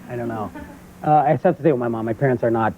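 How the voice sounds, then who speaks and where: A man in his thirties with a New York accent, a comedian guest on a talk show telling stories and jumping into loud character voices. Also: mid-range voice, rapid-fire. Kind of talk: talk show stand-up storytelling. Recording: tinny phone-like old VHS audio with faint hiss.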